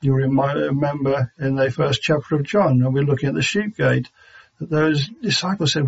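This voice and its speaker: A man teaching a sermon on Scripture in a measured, halting way with frequent pauses and fillers. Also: on the high side, steady tone, creaky, slightly rough. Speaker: Bible teacher. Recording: dull lo-fi recording.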